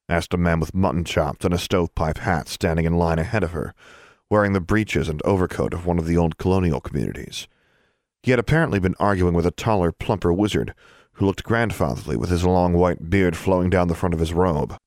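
A man with a very deep voice reads a fantasy novel aloud at a steady, even pace. The recording is dry and close, with no room sound. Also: brisk, no room sound. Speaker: narrator. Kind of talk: audiobook narration.

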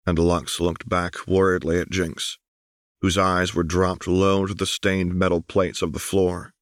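Deep-voiced man narrating a story. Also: little pitch movement, a little slow, no echo, clean studio sound. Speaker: audiobook narrator.

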